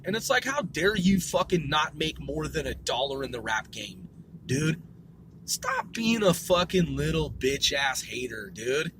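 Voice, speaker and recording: A man's voice: on the high side, expressive, a little slow, background noise. A man hosting a solo podcast, rambling loosely with lots of swearing, fillers and repeated words. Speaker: podcast host.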